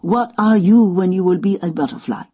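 Gentle old Frenchman mentor, French accent, slow and coaxing, husky, muffled recording, put on by a woman storyteller. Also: lowish voice. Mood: urging. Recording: dull lo-fi sound.

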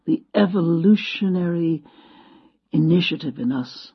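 A woman giving an inspirational storytelling talk, expressive and dramatic, acting out her quotes. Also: fairly low pitch, measured pace, husky. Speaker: speaker. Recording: dull lo-fi sound.

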